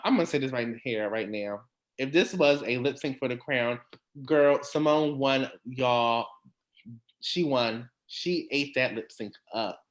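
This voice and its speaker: A man hosting a relaxed recap show, voice sitting in a middle pitch. He talks in a chatty, animated way, full of quick asides and little laughs. It is casual conversation, never scripted. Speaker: podcast host.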